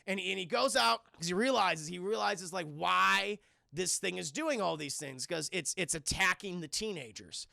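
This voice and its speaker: A man's voice: high voice, normal speed, creaky, bright, forceful tone, dry recording, studio quality. A young man streaming, casually and profanely retelling a cartoon episode to his chat.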